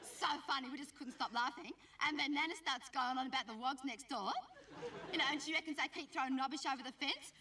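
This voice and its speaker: A woman's voice: sits high, brisk, bright, forceful tone. A woman with an Australian accent playing a bratty, cheeky teenage schoolgirl who rambles gossipily in a whiny, sing-song, nasal voice and mimics the people she talks about. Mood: whingeing. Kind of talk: comic monologue to camera. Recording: noisy old TV recording from a distant mic.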